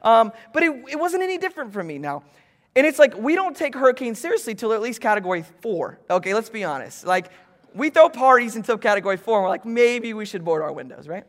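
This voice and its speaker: High-voiced animated preacher in a hall. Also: male voice, fast talker. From Florida, US. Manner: animated, jokey asides to congregation. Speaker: pastor. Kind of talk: sermon. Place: church stage, large hall.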